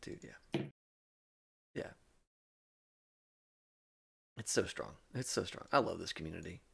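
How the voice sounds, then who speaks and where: A man's voice: deep voice, takes it slowly, vocal fry, husky. A man chatting effusively on a charity game stream, laughing often as he sorts through the giveaway list. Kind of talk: casual chat on a charity stream.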